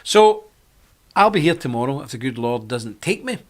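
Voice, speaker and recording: A man's voice: mid-range voice, sing-song, moderate pace. A middle-aged man hosting a live-stream monologue, talking in a rambling, chatty way with frequent laughs. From Britain. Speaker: host.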